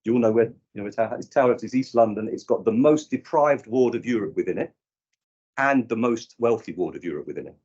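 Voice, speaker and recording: A man from the UK gives a conference talk as a youth work trainer, telling animated stories and acting out the dialogue. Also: lowish voice, quick pace, breathy edge. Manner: animated storyteller who acts out dialogue. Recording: dull lo-fi recording.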